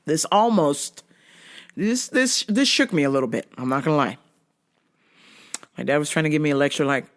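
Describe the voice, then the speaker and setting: A woman's voice: low voice, moderate pace, pauses often. A woman hosting a show, telling stories in a casual monologue, blunt and full of profanity. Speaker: host.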